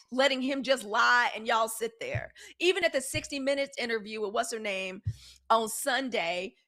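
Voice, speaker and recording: A middle-aged woman hosting a live news commentary show, blunt and animated, swearing and answering viewer comments from the chat. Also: sits high.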